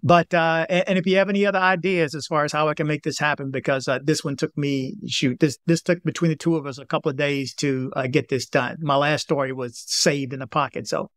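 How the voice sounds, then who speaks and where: A man's voice: on the high side, fairly even intonation, a little fast, few pauses, fairly bright tone, dry recording, clean studio sound. Rambling man hosting a news vlog. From Washington, D.C., United States. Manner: rambling, repeats himself, talks straight to viewers. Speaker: vlog host. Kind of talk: casual direct-to-camera talk.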